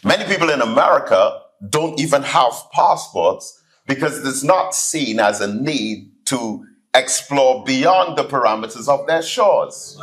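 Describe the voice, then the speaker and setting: A man delivers a sermon-style keynote to a live audience in a hall. His pitch swings widely as he speaks, and he slips into different voices for the people in his stories. He talks at an everyday middle pitch. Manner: animated storytelling, acts out voices in anecdotes. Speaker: keynote speaker, student minister.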